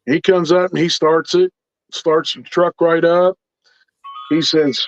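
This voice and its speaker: A man's voice: on the high side, little pitch movement, slow, long pauses, dull audio. A man telling a story in a folksy, earnest way, often repeating words as he builds tension. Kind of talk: casual spoken storytelling.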